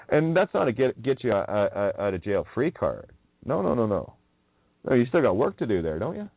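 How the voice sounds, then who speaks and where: A radio host delivers a rambling solo monologue in a medium-pitched, sing-song voice at a slightly quick pace. He's profane and mocking, laughs a lot, and plays with how words sound. The audio is dry, narrow and tinny, like a phone line.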